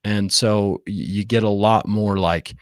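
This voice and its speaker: A man's voice: lowish voice, fairly even intonation, measured pace, dry recording, clean studio sound. A man, a real estate wholesaler, explaining in casual interview talk how he makes sales calls, acting out sample lines and asking "right?" again and again. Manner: acts out sample phone scripts, says "right?" often.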